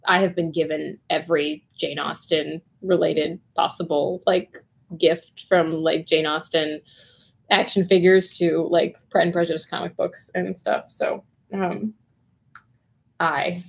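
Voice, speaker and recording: Woman chatting on a livestream, lots of ums, lively and loose. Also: lowish voice, measured pace, vocal fry, husky. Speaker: co-host. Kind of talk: casual livestream chat.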